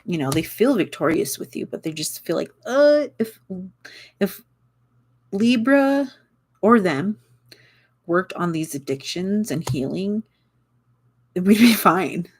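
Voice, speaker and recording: A woman's voice: fairly low pitch, lively intonation, measured pace, husky. A young woman giving a casual tarot reading, rambling and searching for words with many fillers and little laughs. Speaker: tarot reader.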